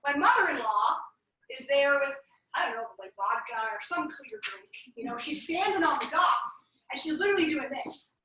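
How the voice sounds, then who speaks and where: Bright, chatty woman in an echoey room. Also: high voice, moderate pace, distant mic, slight background noise. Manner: animated, chatty, peppered with "like" and "right?". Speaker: business strategist running a workshop. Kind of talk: energetic workshop talk with personal storytelling. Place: large room at a live workshop.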